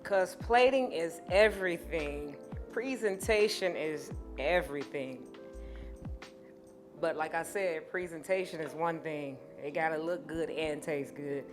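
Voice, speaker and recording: In a home kitchen with music behind her, a woman hosts a cooking tutorial, chatting playfully and speaking straight to her viewers. Her voice is low-pitched and unhurried.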